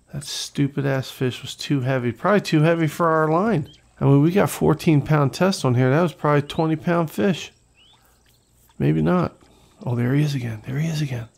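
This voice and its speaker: A man hosting a gaming channel, giving casual, excitable gameplay commentary, talking to viewers and swearing when things go wrong. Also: medium pitch, normal speed, gravelly, music in the background, poor audio.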